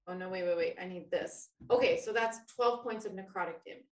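A woman's voice: on the low side, brisk, roomy sound, recorded from a distance. A woman playing a tabletop game, talking hesitantly and thinking aloud as she works out her turn. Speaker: player.

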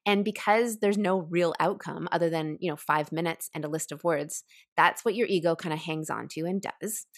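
A woman who teaches writing, explaining a creative exercise in an animated, conversational way and laughing often. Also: mid-range voice. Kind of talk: conversational podcast interview.

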